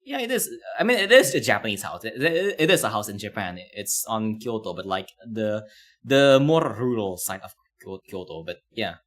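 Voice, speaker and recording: A man's voice: lowish voice, big pitch swings, normal speed, a bit bright. A man streaming casually, commenting on a video with rambling talk full of fillers and laughs.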